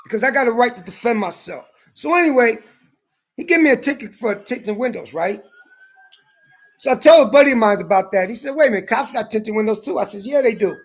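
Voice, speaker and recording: A man, telling an angry, profane story and ranting, shouting at times. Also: extremely high pitch, lively intonation, a little fast. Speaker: ranting commentator. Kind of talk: angry personal rant and storytelling.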